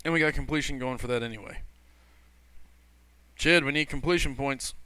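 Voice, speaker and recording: A man's voice: medium pitch, moderate pace, bright, forceful tone, clear, resonant tone, no room sound. A man hosting a gaming livestream in casual chat, greeting viewers and reading their messages aloud in a loose, rambling way. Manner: loose and rambling, with frequent fillers and self-corrections.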